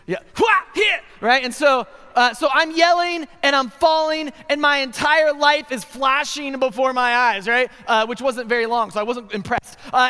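A man with a very high, bright voice tells a funny story from a chapel pulpit, often asking "right?". His voice rings through a large, reverberant hall. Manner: comic, animated storytelling with frequent "right?" asides. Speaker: chapel speaker. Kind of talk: humorous storytelling sermon.

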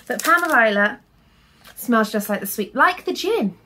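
Young woman doing a chatty haul vlog, bit high-pitched, rambly, lots of "so yeah". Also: lively intonation, moderate pace, pushed and bright. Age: young adult. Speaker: vlogger.

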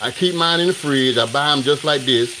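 A man hosting a live cooking stream in his home kitchen, talking straight to viewers in a hurried, repetitive way. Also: mid-range voice, bright, forceful tone. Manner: hurried, talks straight to viewers, repeats himself. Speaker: cooking show host. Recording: sizzling pan noise behind.

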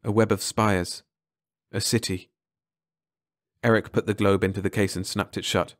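A man narrating a short science fiction story aloud in a measured way, slowing on key phrases. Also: lowish voice, little pitch movement, dry recording, clean studio sound. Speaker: audiobook narrator.

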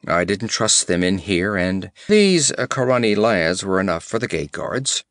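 A man reading as a gruff barbarian warrior. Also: low voice, very animated, a little slow, fairly bright tone, dry recording, studio quality, full character voice. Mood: blunt. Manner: blunt, rough, commanding. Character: gruff battle-hardened barbarian warrior chief.

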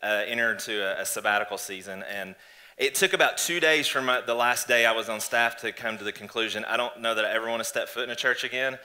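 A man in church, earnestly and reflectively telling his story of faith in a conversational testimony, with halting restarts. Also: mid-range voice, bright, forceful tone. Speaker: church guest sharing testimony. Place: church stage before an audience.

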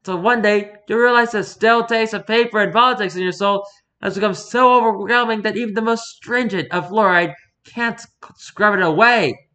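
A man's voice: high-pitched, normal speed, bright, forceful tone, pitched above the performer's own voice. A man voicing a mocking, talkative male circus performer who rambles theatrically, read from an interview. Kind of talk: reading an interview aloud in character.

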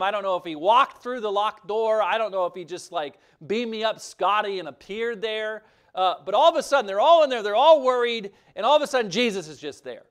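A man preaching a sermon as pastor, earnest and emphatic, swelling louder and dropping soft. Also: high voice. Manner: earnest, emphatic preaching with rising and falling intensity.

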